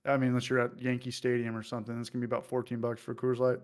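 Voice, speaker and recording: A man's voice: medium pitch, monotone, very fast. A man casually hosting a livestream, joking loosely and reading out viewer comments. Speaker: livestream host.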